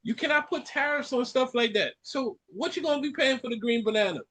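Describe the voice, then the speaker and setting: A Caribbean man hosting a podcast, ranting in an animated way and repeating lines for effect. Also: extremely high pitch, brisk. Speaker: podcast host. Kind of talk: casual chat.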